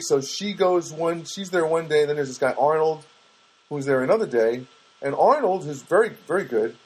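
Husky guy rambling to the camera, lots of uh and um, wry little asides. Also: on the high side, darkish tone, rough recording. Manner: hesitant, many fillers and restarts, wry asides. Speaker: vlogger. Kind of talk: rambling casual monologue.

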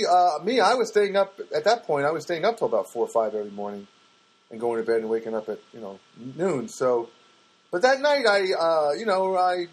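A man hosting his own podcast, telling a rambling, self-mocking story in a relaxed, casual way. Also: poor audio. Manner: rambling, self-mocking, mimics others in a high voice. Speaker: podcast host and stand-up comic. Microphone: podcast microphone.

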